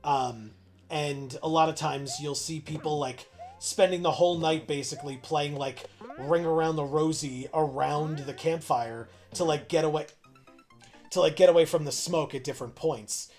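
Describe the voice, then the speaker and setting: A man's voice: a little high, moderate pace, darkish tone, soft background music. A man streaming a video game, chatting casually and muttering encouragement to himself while he plays, poking fun at his own mistakes. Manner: muttering self-encouragement, self-mocking. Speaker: co-host playing the game. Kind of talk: casual livestream chat while playing.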